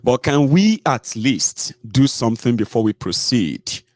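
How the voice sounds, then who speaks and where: A man's voice: mid-range voice, very animated, a little slow, dry recording, clean studio sound. A Nigerian man hosting a casual livestream, chatty, mixing in pidgin and frequent "eh" and "omo". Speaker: host.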